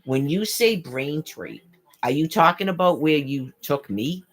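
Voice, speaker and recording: A woman's voice: low-pitched, animated, a little slow. A woman vlogging an exasperated, profane rant, full of rhetorical questions and stumbling restarts, now and then mimicking what others said. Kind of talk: rambling rant to camera.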